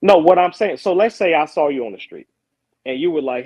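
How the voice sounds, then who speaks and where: A man's voice: a little high, expressive, a little fast, no room sound. A Muslim man in a casual debate, talking loosely and repeating his words as he explains. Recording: dull lo-fi call audio.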